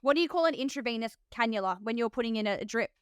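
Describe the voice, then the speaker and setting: A woman's voice: a little high, expressive, rapid-fire, clear, resonant tone, dry recording, studio quality. A woman with an Australian accent hosting a podcast as a nurse, chatty and laughing often, with lots of "like". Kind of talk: casual podcast chat.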